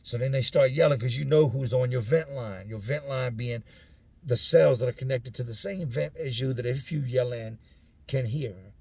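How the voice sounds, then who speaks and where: Speaking at a normal speed in a medium-pitched, gravelly, husky voice with a darkish tone, a man tells casual stories about his time in prison. He uses street slang and imitates other people's voices, and the recording is dry.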